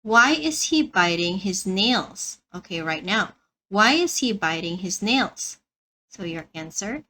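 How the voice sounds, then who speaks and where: Slow, bright-voiced woman teaching English. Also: mid-range voice, big pitch swings, slight background noise, rough recording. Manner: slow, careful, repeats words for learners. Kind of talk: slow beginner English lesson.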